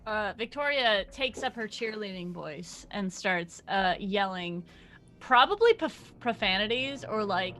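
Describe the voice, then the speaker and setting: Bright, lively woman at a game table. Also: medium pitch, a little slow, faint music behind. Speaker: player. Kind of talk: casual chat at a game table.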